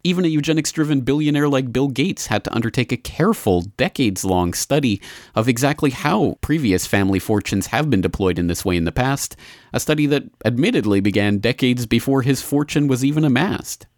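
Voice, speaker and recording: A man's voice: medium pitch, expressive, fairly quick, no echo, studio quality. A man reading scripted documentary narration in a sardonic, mocking tone.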